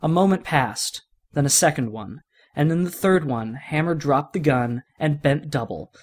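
A man hosting a podcast and reading a fan fiction story aloud in a steady, conversational way. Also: on the high side, normal speed. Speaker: podcast narrator.

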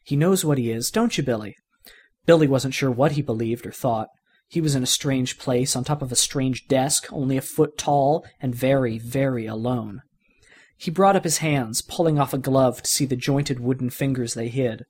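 A man's voice: medium pitch, normal speed, darkish tone, breathy edge. A man reading a fan-written story aloud, narrating expressively. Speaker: reader.

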